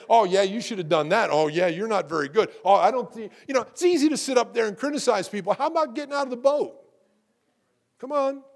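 A middle-aged man preaching a sermon to his congregation, lively and conversational, asking rhetorical questions and often repeating words. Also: high-pitched, vocal fry. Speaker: pastor.

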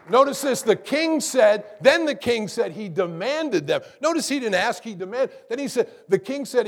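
A man's voice: high voice, expressive, normal speed, hardly any pauses. A male pastor preaching a sermon, calling out to the congregation with asides and building to fervent emphasis.

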